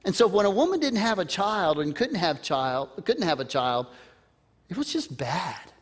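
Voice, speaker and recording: A man's voice: high voice, big pitch swings, moderate pace. A man preaching a sermon in a conversational way, putting questions to the listeners. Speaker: pastor.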